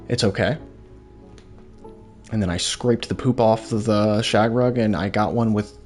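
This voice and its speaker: Young male streamer, loose rambling delivery, low-set voice, light music under. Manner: rambling, laid-back, reads chat aloud. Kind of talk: casual live-stream chat while gaming.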